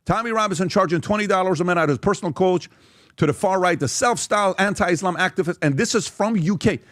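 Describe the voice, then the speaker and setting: With a high-pitched, fast, somewhat bright voice, a podcast host works through social media posts and questions emphatically, often checking in with "okay?" The recording is dry, with clean studio sound.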